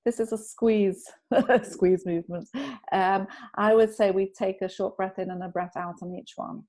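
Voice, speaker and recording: A woman guest on a podcast, calmly explaining a self-help technique and telling anecdotes in an instructive way. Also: medium pitch, moderate pace. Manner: calm, instructive, tells anecdotes. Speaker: EFT tapping practitioner, guest. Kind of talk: explaining in an interview.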